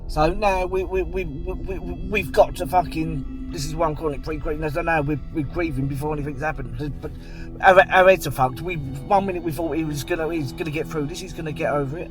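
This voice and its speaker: A man's voice: on the high side, normal speed, over music. Blunt, rambling man. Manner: rambling, blunt and plain-spoken. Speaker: vlogger. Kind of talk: casual vlog monologue.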